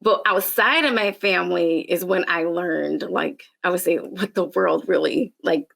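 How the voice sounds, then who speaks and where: Brief: woman guest, gravelly fry in her voice, hesitant and thoughtful talk. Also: lowish voice, unhurried, fairly bright tone. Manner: thoughtful, hesitant, many fillers. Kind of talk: casual discussion.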